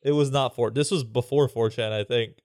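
A man's voice: mid-range voice, fairly even intonation, moderate pace, a little mellow, no room sound, clean studio sound. A male podcast co-host in casual chat, rambling with many fillers. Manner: rambling, filler-heavy, laughing.

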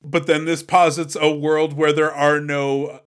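A man's voice: on the high side, flat delivery, a little slow, clear, resonant tone. A man co-hosting a podcast, mocking a movie in a dry, sarcastic way. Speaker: podcast co-host. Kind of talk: casual movie-review chat.

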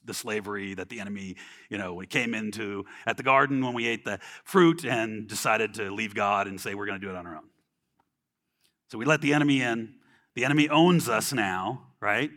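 A man's voice: medium pitch, sharp tone. A man preaching a sermon in a casual, conversational way, often checking in with "right?" and acting out quoted people in little voices.

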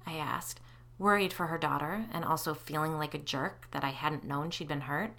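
A woman podcast host narrating a first-person ghost story in a steady, measured reading. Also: sits low, creaky.

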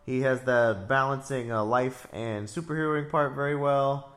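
A man co-hosting a podcast, chatting about a movie in a teasing, animated way. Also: mid-range voice, normal speed. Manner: animated, teasing, laughs often. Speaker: podcast co-host. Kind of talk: casual movie review chat.

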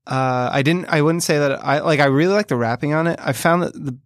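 A man co-hosting a podcast, talking casually and haltingly about music, with many fillers. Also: a little high, dry recording, studio quality. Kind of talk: casual music review chat.

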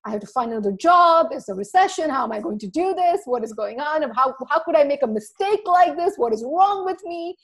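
A woman podcast guest telling an animated story, acting out quotes and laughing often. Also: high voice, a little fast, few pauses. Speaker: podcast guest, marketing speaker.

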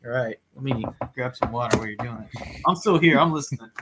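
A man's voice: mid-range voice, fairly even intonation, quick pace, a bit bright, a little hiss or hum. A man co-hosts a casual podcast in a mid-range voice. He is easygoing, gives short replies and laughs along. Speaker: podcast co-host.

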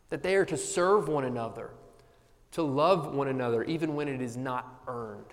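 A man preaching in a fairly high voice, earnest and emphatic, and now and then breaking into animated humor. His words ring out with the long reverb of a large sanctuary. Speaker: pastor. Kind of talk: sermon.

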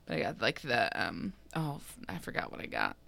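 Low gravelly woman, bright, chatty. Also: wildly swooping pitch, brisk, no echo. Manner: chatty, rambling, trails off often. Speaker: podcast co-host. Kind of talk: casual chat.

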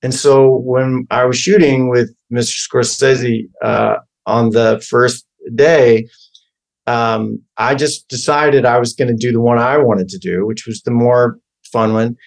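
A man's voice: medium pitch, steady tone, measured pace, gravelly. A man in his fifties from Oklahoma, a guest actor who tells stories casually and keeps correcting himself mid-sentence. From Oklahoma, USA. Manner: rambling, self-correcting, wry. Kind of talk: casual interview storytelling.

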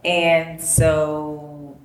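Animated older woman on a film panel. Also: low voice, extremely slow. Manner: animated, storytelling, acts out quoted dialogue. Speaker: panelist, independent filmmaker. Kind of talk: panel discussion. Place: panel event room. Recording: echoey room with background noise.

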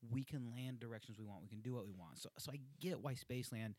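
Animated storytelling man, dry close sound. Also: medium pitch, fast talker, dry recording. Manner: animated storyteller, acts out quotes, laughs often. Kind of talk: casual chat among skydivers.

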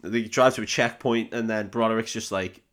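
A man's voice: on the low side, steady tone, normal speed, fairly bright tone. A man co-hosting a film podcast, recapping a movie in a loose, rambling way, swearing freely and laughing as he acts out the characters' lines. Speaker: podcast co-host. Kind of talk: casual film recap chat.

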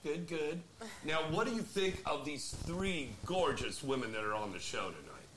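A man's voice: on the high side, animated, moderate pace, a bit bright. A man hosting a call-in talk show, loose and crude in his joking banter. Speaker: radio show host.

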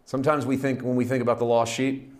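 A middle-aged man preaching a sermon, telling a parable with lively storytelling and acting out its characters. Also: medium pitch, fast talker. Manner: animated storytelling, acting out characters, rising to shouts. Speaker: pastor.

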